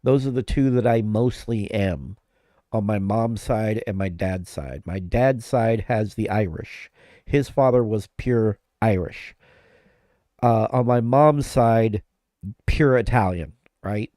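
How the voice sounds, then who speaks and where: A man with a mellow, relaxed voice chats on a live stream while he is sick with flu-like symptoms. He rambles, breaks off mid-sentence and laughs a lot. The sound is dry and close, with no room echo. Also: on the low side, slow pace. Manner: rambling, self-interrupting, laughs often. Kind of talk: casual live-stream chat.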